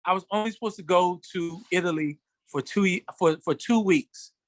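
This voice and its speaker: A man's voice: high voice, moderate pace, no echo. A man, a fashion designer guest, telling his story animatedly in a casual interview. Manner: animated storyteller, acts out quotes. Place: studio.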